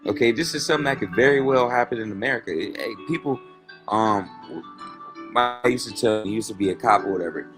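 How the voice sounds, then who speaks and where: A man's voice: lowish voice, fast, over music. A man in casual commentary, talking loosely in slang and reading scripture verses aloud. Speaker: host.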